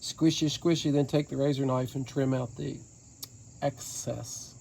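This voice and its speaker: A man with a Southern Appalachian accent works outdoors beside a boat on the ground, talking viewers through a repair in a folksy, joking way as a DIY boat-repair vlogger. His medium-pitched voice is unhurried and fairly even, with vocal fry and a darkish tone. A little hiss or hum is audible.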